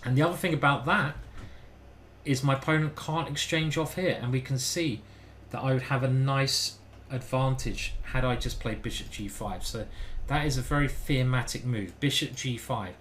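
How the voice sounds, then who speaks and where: A man's voice: mid-range voice, moderate pace, fairly bright tone, a little hiss or hum. A man giving casual live-stream chess commentary, thinking aloud and chatting with his viewers. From United Kingdom.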